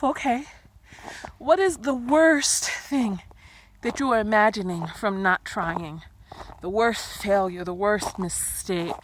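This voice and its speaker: A woman giving earnest life advice in a vlog, filmed outdoors in the snow, repeating phrases and swinging between loud and hushed. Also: on the high side, a little hiss or hum. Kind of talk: motivational vlog.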